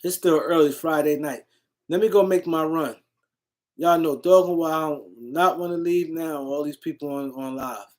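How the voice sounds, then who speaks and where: Animated man hosting a livestream. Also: fairly high pitch, normal speed. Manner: animated, reads viewer comments and shouts out chat. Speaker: livestream host. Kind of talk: casual livestream talk.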